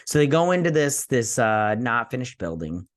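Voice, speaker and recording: A tired, yawning TV review host with a medium-pitched, very animated voice retells an episode at a normal pace. His casual delivery is rambling and chatty, and he keeps interrupting himself to share his own reactions.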